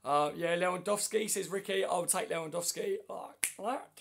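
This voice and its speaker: A man with a hoarse, flu-worn voice hosting a casual fan livestream on his phone, chatting matily and answering viewer comments one by one. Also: high voice, moderate pace, a bit bright, a little hiss or hum. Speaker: livestream host.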